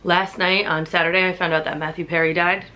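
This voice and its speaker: In her home book vlog, a woman in her twenties chats casually, her lowish voice a little fast, fairly flat in pitch, and sharp in tone. Her talk is filler-heavy and chatty, with "like" popping up constantly.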